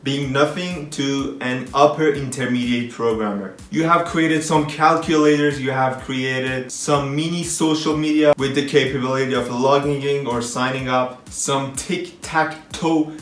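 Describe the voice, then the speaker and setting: A man's voice: mid-range voice, fairly even intonation, measured pace, hardly any pauses, fairly bright tone. A young man hosting a casual programming video, joking at his own expense and acting out little skits as he talks to viewers. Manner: playful, self-mocking, acts out little skits. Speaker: programming tutorial YouTuber. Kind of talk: casual humorous vlog talk. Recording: echoey room with faint music.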